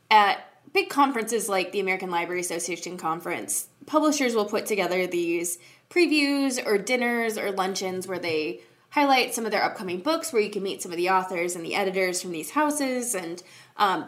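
A woman's voice: medium pitch, animated, moderate pace, fairly bright tone. Woman with a mid-range voice, laughing through anecdotes. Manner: self-deprecating, laughs through stories, frequent "like". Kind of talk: casual chat, storytelling.

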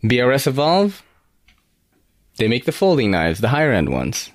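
A man's voice: medium pitch, huge pitch swings, moderate pace, dry recording, clean studio sound. A young man casually reviewing knives on his podcast, laid-back and swearing often. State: slightly out of breath. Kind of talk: casual knife review chat.

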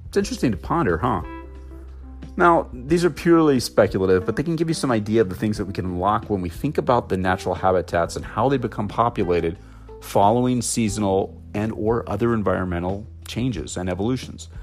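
A man's voice: fairly low pitch, expressive, fairly quick, faint music behind. A man giving a thoughtful, musing explanatory talk about aquarium keeping, posing rhetorical questions as he goes. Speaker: aquarium hobby educator.

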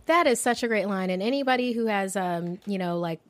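Animated woman hosting movie news. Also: dry recording. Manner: animated, jokey, quick swings in pitch. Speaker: podcast host. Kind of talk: casual chat.

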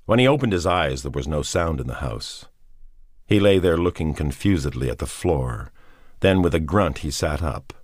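A man narrating a novel as a scripted audiobook reading, in a measured, unhurried manner. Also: rumbling low, expressive, no echo.

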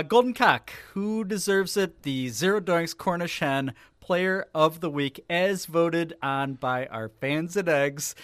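A male sports podcast co-host with a wry, deadpan delivery and sudden laughs. His voice is bright and crisp. The sound is close and dry. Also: a little high, no echo. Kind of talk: casual sports chat.

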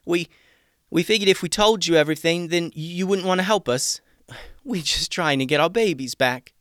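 A man's voice: fairly high pitch, fairly even intonation, normal speed, gravelly, a bit bright, clean tone, no room sound, clean studio sound, pitched above the performer's own voice. A man doing a stammering, sheepish shopkeeper. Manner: stammering, apologetic. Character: nervous, sheepish pet shop owner man. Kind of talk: storybook character voice.

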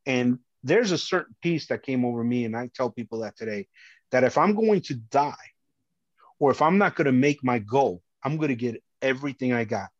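A man's voice: mid-range voice, lively intonation, moderate pace, no echo. A man recounts his own ordeal as a guest on a podcast, speaking with emphatic intensity and repeating key phrases to drive them home. His voice sits in a middling register. The recording is dry and a little dull. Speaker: podcast guest, former police officer. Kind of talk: emotional first-person storytelling.

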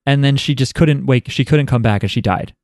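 A man's voice: mid-range voice, brisk, vocal fry, a little mellow, no room sound, studio quality. A young man co-hosting a podcast, telling stories and teasing in casual chat. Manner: joking, teasing storyteller. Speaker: podcast co-host.

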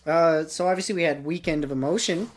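A man's voice: on the high side, fast talker, a little hiss or hum. A man co-hosting a casual podcast chat with a dry, teasing, blunt way of talking. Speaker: podcast co-host.

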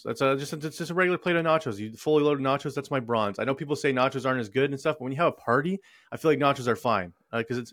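A man co-hosting a casual sports betting podcast, brisk and casually profane. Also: mid-range voice, fairly bright tone, no room sound, studio quality. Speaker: podcast co-host.

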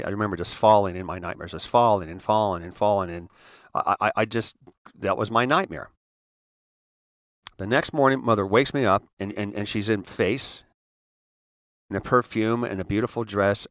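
A man from the San Francisco area telling a personal story in an earnest, halting way, often restarting and repeating words. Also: fairly low pitch, fairly bright tone, no room sound, studio quality. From San Francisco area, United States. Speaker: speaker telling his life story.

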